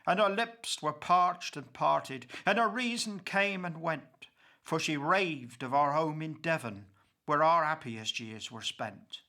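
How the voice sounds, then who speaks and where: A man reciting dramatic verse in the role of an old grieving pauper, slow and impassioned. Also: a little high, sharp tone, exaggerated voice. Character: old grieving male pauper, bitter and accusing.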